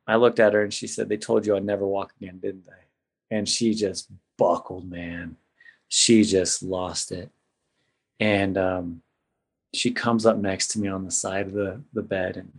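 A man's voice: on the low side, little pitch movement, a little slow, gravelly, slightly rough. A middle-aged man telling an emotional personal story in a casual, heartfelt way as a podcast guest. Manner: casual, emotional, says "man" and "bro" a lot.

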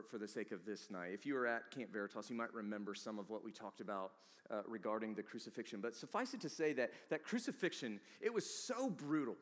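A man preaching in a big church hall, his fairly high voice ringing out with a long reverb tail. He swings from near-whispers to loud, emphatic bursts as he drives each point home. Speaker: pastor. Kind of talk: sermon.

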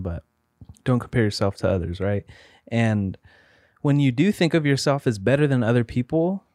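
A man's voice: mid-range voice, a little mellow, dry recording, clean studio sound. A man co-hosting a faith podcast, talking in an earnest, reflective and emphatic way. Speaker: podcast co-host.

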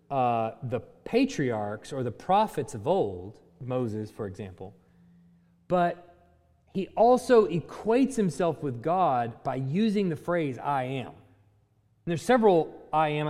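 A man teaching a Bible class from slides, talking in a conversational way and thinking aloud with fillers and quick self-corrections. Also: on the high side, darkish tone, in a large hall.

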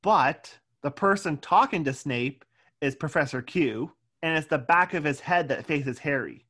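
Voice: medium pitch, lively intonation, a little slow, a bit bright, breathy edge. Talkative podcast co-host recapping scenes. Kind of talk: casual chat.

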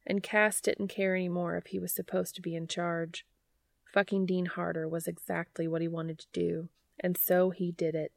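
A woman narrating a fan fiction audiobook in an even, unhurried, quiet reading voice. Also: on the low side, vocal fry, dry recording, studio quality. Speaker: podfic reader.

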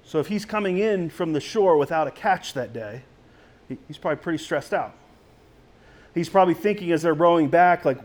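A man's voice: fairly high pitch, expressive, normal speed. A man preaching a sermon as a pastor in a conversational way, with frequent restarts.

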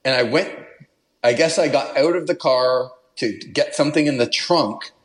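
A man who is a podcast guest, telling a travel story in an animated, casual way and laughing as he goes. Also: medium pitch, normal speed. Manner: animated, laughs while telling, puts on an Italian accent for quotes.

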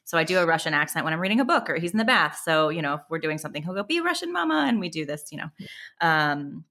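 Woman host, candid, reflective, low pitch, bright forceful tone. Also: fast. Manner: candid, self-reflective, laughs easily. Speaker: podcast host and parent. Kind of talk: casual chat.

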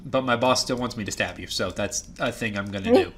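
A man's voice: mid-range voice, expressive, brisk, slight background noise, natural voice. A man doing a polite apologetic goblin guard. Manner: courteous, apologetic, hesitant.

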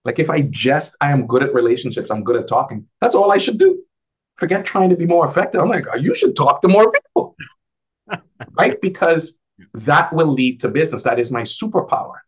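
A man talking casually as a guest on a video call, an advisor who tells animated stories and acts out the dialogue in a lifted voice. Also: a little high, a little fast, husky. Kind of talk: casual conversational storytelling.

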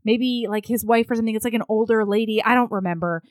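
A woman co-hosting a casual chat, recapping a book in a blunt, crude and animated way. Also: on the high side, fast talker, no echo.

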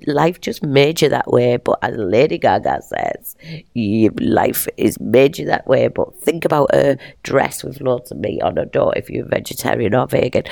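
Middle-aged woman, podcast host, low gravelly voice that swings all over, bouncy and jokey. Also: dry recording, clean studio sound. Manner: animated and playful, laughs often. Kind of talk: casual motivational monologue.

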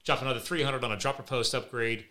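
A man hosting a podcast, telling animated, chatty anecdotes. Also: mid-range voice, fast, noisy background. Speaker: podcast host. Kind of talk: casual conversation.

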